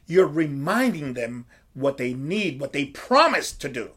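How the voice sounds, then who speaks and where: A man's voice: fairly high pitch, sing-song, unhurried, a bit bright, husky. A middle-aged man hosting a podcast, talking like a coach who swears freely and asks and answers his own questions. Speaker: podcast host and strength coach. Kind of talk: casual podcast talk.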